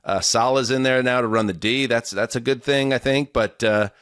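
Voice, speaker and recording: A man's voice: medium pitch, steady tone, normal speed, a bit bright, smooth, no echo, clean studio sound. A man hosting a casual sports podcast, rambling and enthusiastic, often restarting his sentences. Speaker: podcast host.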